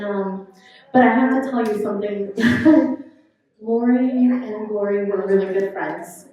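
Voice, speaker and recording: A woman's voice: medium pitch, mellow. A woman giving a fond, chatty memorial tribute. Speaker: eulogy speaker. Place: country club function room. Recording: echoey room, distant mic.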